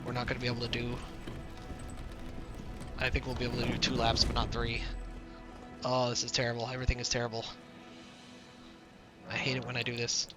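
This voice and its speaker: Frustrated man, gameplay commentary, grumbling, mid-pitched, clear game music underneath. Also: completely flat delivery, brisk, pauses often.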